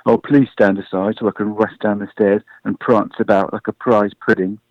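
A man's voice: fairly low pitch, level tone, moderate pace, dry recording, highs cut off, close to an everyday voice. A man voicing a lazy, sarcastic young boy rabbit in a storybook reading, with a drawling, mocking manner.

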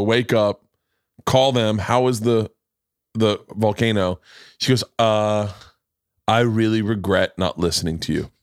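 A middle-aged man hosting a podcast, telling a story in a loud, profane, animated way and acting out the voices in it. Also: lowish voice, no room sound, clean studio sound. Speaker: podcast host. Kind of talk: casual storytelling chat.

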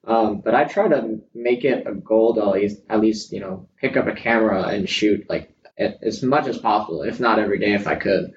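A man's voice: on the low side, a little fast, a little hiss or hum. A young man who is a photographer, chatting casually and candidly, swearing freely as he tells his stories. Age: young adult. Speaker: guest photographer. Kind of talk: casual podcast chat. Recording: roomy, distant, dull lo-fi sound.

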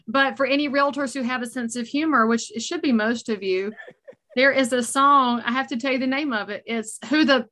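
Bright-voiced Southern woman, chatty guest. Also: sits high. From North Carolina. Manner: chatty, joking, quick asides. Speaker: guest, realtor and speaker. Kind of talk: casual chat.

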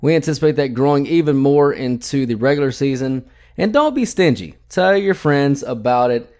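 A man's voice: mid-range voice, lively intonation, moderate pace, darkish tone. A man hosting a podcast in a casual, blunt style with plenty of swearing. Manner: profane, blunt, ranting. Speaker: podcast host.

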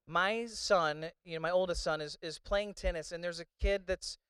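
A man's voice: high-pitched, fairly even intonation, moderate pace, fairly bright tone, clear, resonant tone, no room sound. A man preaching a sermon in a conversational, storytelling way, with many restarts. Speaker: pastor.

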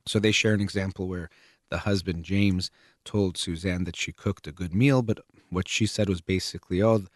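A man with a very low voice talks through ideas calmly and methodically, pausing now and then on a filler. The sound is close and dry, with no room around it. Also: no echo. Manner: calm, measured, explaining step by step with occasional fillers. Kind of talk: explanatory talk on relationships.

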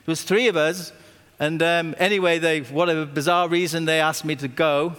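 A man, a pastor preaching a sermon with stories and emphatic repetition, slowing down when he quotes scripture. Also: a little high, steady tone, a bit bright, clear, resonant tone. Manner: anecdotal, emphatic, slows down on scripture. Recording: long reverb of a hall.

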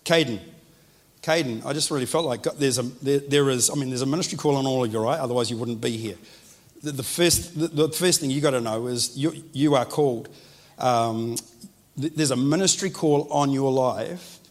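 A man's voice: medium pitch, moderate pace. A man, a pastor giving a chatty, joking sermon and speaking directly to his congregation. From New Zealand. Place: church hall with congregation.

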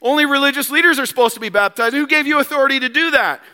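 A man's voice: very high-pitched, racing, sharp tone, long reverb tail, voice pushed up. A man voicing condescending male religious leaders who fire accusing questions.

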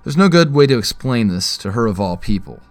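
A man's voice: mid-range voice, big pitch swings, brisk, no room sound. A man narrating an audio drama in the first person, with a wry, tense inner-monologue delivery.

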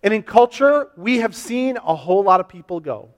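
Guy preaching a sermon, kinda high voice, earnest, lots of repeated questions, long echo in the church. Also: lively intonation, normal speed. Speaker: pastor. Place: church sanctuary. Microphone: to a camera for online viewers. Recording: long hall reverb.

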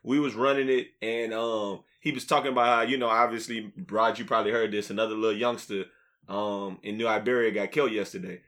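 A man's voice: lowish voice, steady tone, fairly quick, a bit bright. A man from Louisiana, hosting a podcast in loose, rambling chat full of repeated words. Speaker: podcast host. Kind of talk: casual chat.

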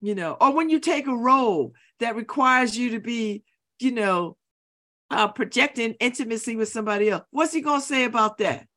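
A woman's voice: fairly high pitch, lively intonation, moderate pace, a bit bright. A middle-aged woman hosting a talk radio show, giving an opinionated monologue and repeating her points for emphasis. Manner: emphatic, repeats phrases for effect, preachy. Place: radio studio.

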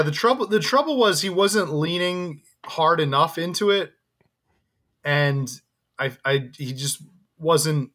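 A man co-hosts a casual podcast with a bright, forceful tone and a slightly raised pitch. He rambles through his points, laughing and restarting as he goes. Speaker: podcast co-host.

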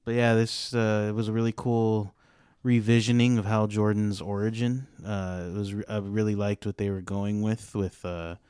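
A man's voice: on the low side, level tone, normal speed, darkish tone, clear, resonant tone, dry recording, studio quality. A man talking as a podcast guest in a casual chat, rambling with many fillers and restarts.

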